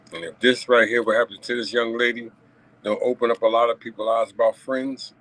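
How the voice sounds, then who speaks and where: A man with a fairly low voice delivers a casual vlog commentary straight to his viewers. He talks emphatically, circling back with asides to check they follow, and chuckles between points. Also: fairly bright tone, low-quality recording. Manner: emphatic and repetitive, frequent "you know what I'm saying" asides. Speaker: vlogger commenting on a news story.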